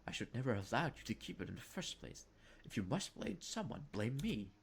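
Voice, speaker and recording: A man's voice: medium pitch, sing-song, fairly quick, creaky, a little hiss or hum. A man voicing a stern, formal middle-aged mother in a game who scolds her son primly. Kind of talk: voicing characters in a game stream.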